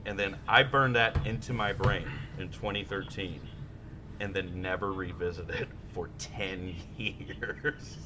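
A man's voice: low voice, fairly even intonation, unhurried, noisy background. A man co-hosting a podcast, telling profane, rambling stories in casual chat. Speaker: podcast co-host.

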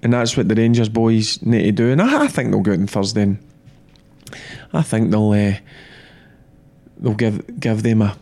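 A middle-aged man, a former player, talking football in a blunt, animated, repetitive way. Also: on the low side, normal speed, pauses often. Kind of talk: casual football chat.

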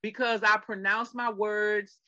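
A woman's voice: mid-range voice, little pitch movement, measured pace, pushed and bright, dry recording, dull audio. A middle-aged woman co-hosting a podcast in casual chat, emphatic and talking straight to her listeners. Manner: emphatic, addresses listeners directly. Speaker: podcast co-host.

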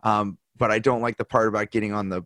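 A man's voice: fairly low pitch, fairly even intonation, fast, fairly bright tone, dry recording. Rambling storyteller man, dry sound. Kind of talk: casual conversation.

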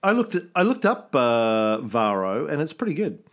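A man's voice: mid-range voice, sing-song, moderate pace, a bit bright. A man hosting a casual history podcast, explaining at length, reading quotes aloud and joking. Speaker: podcast host telling Roman history.

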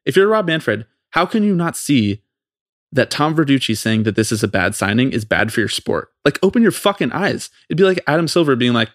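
A man co-hosting a podcast, ranting in a fast, profane, exasperated way about something that annoys him. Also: medium pitch, sing-song, no echo, studio quality. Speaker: podcast co-host. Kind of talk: heated casual podcast rant.

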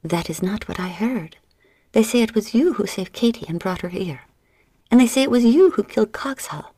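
A woman voicing a flirtatious tavern woman with a French accent, teasing and dropping into breathy whispers. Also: mid-range voice, expressive, normal speed, warm tone, dry recording, pitched above the performer's own voice. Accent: French-flavored English. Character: flirtatious sultry tavern woman, sailor's wife.

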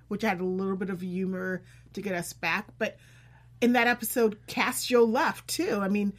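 A woman co-hosting a casual TV review chat, who speaks emphatically and chimes in with her own reactions. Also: mid-range voice. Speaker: podcast co-host.

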